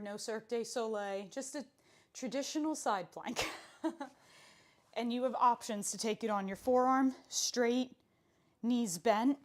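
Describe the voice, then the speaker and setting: Young woman, pilates instructor, higher voice, unhurried, chatty, playful, counts reps, a little breathless. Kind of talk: live workout instruction.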